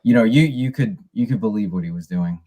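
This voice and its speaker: A man's voice: fairly low pitch, a little fast, dark tone. A man co-hosting a casual podcast, rambling with many restarts and retelling scenes with animation. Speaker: podcast co-host. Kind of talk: casual movie review chat.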